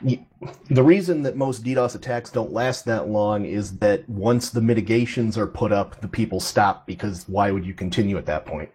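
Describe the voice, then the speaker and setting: A man co-hosting a casual chat, explaining technical matters in a measured way with many hesitations. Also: fairly low pitch, a little mellow, breathy edge. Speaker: co-host.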